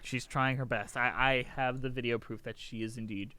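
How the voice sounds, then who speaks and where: A young man hosts a podcast with a bright, forceful tone and a crisp, resonant voice. He chats casually and playfully. The sound is dry and close. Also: medium pitch, fairly even intonation, no echo. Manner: playful, jokey, quick bursts of put-on voices. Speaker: podcast host. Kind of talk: casual chat.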